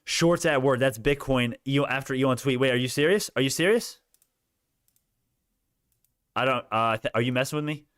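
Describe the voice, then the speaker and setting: A young man giving animated live commentary on stock prices, laughing and repeating himself, his voice worn out. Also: medium pitch, normal speed, pauses often, clean tone, no echo, clean studio sound. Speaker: stock market streamer. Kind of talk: excited live market commentary.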